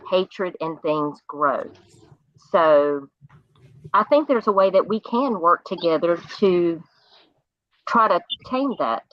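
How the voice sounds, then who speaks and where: A woman's voice: on the low side, no room sound, highs cut off. A woman from South Carolina with a Southern accent, talking earnestly on a group panel. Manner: earnest, reflective, preachy. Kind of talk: casual group chat.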